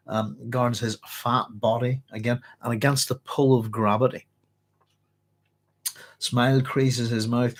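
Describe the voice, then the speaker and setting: A hoarse man hosting a book club, chatting casually and reading passages aloud with rambling self-corrections. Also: medium pitch, a little hiss or hum. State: hoarse, clearing his throat.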